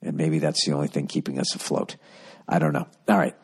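A man's voice: a bass voice, fairly even intonation, a little fast, breathy edge. A man hosting a solo podcast, telling stories in a profane, rambling and exasperated way. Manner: storytelling with voiced asides. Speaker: podcast host.

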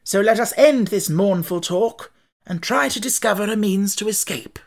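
A woman voicing a calm, thoughtful male scarecrow who speaks in a measured way, in an audiobook reading. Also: medium pitch, vocal fry, pitched above the performer's own voice. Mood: decisive. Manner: measured, deliberate.

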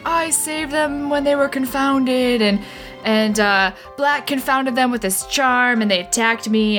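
A woman co-hosting a podcast, casually and irreverently recapping a book chapter and acting out the characters' lines in quick voices. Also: mid-range voice, a bit bright. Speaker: podcast co-host.

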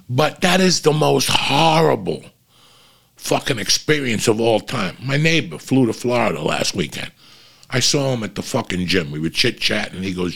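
Here a man's mid-range voice sounds gravelly with a fairly bright tone. Exasperated and cursing nonstop, he recounts a story, voicing the lines he and other people said in a profane, rant-style monologue.

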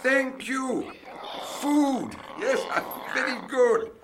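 An actor playing an eccentric, excitable scientist explorer, who muses enthusiastically and talks to strange creatures in simple words. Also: male voice, very high voice, drawn-out words, heavy background noise, full character voice.

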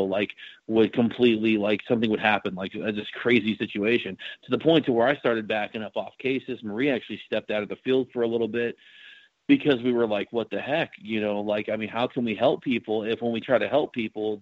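A man's voice: on the low side, dry recording. A man who works as a paranormal investigator, telling his story in a casual interview with lots of fillers and restarts. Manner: rambling, many fillers and restarts. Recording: dry, slightly muffled recording.

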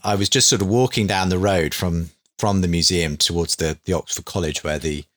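A man's voice: low-pitched, a little fast, dry recording, studio quality. A man who hosts a faith debate show, telling an anecdote earnestly in a hedging, conversational way with many fillers.

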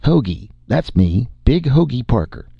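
A man voicing a drunk, unsteady young male ex-spaceman who talks in a slurred, halting way. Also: medium pitch, sing-song, creaky, husky, dry recording, muffled recording, pitched above the performer's own voice, full character voice.

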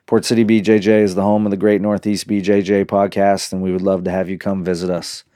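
A man hosting a casual podcast, a relaxed storyteller who acts out the quotes, recorded outdoors in a park. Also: sits low, brisk. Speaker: podcast host.

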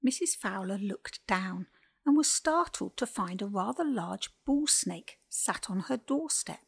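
A woman reading a scripted children's animal story slowly and gently. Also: mid-range voice, expressive, creaky, breathy edge.

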